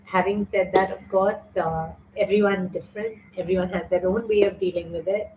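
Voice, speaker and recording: A woman's voice: on the low side, fairly even intonation, normal speed, hardly any pauses, darkish tone, a little hiss or hum. A middle-aged woman hosting a live online yoga class, teary and heartfelt as she talks to viewers and reads their comments. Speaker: yoga teacher and show host. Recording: roomy echo, distant mic, faint ambience.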